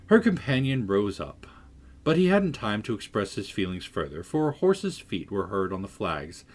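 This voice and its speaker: A man narrating a classic novel as an audiobook, in measured, expressive storytelling with a husky voice. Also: fairly low pitch.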